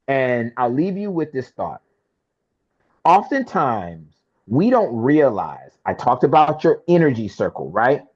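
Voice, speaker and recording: A man speaking at a middle pitch tells a personal story with animated energy, slipping into the voices of the people in it. The sound is a little dull and lo-fi, like a modest podcast recording. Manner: lively storyteller who acts out quoted dialogue. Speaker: interview guest, film producer.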